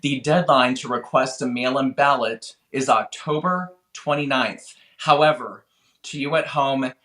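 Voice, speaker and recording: Earnest man with a bright echoey sound. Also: mid-range voice, unhurried. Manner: earnest, urgent, pleading. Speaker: guest, voter registration organizer. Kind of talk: interview answers.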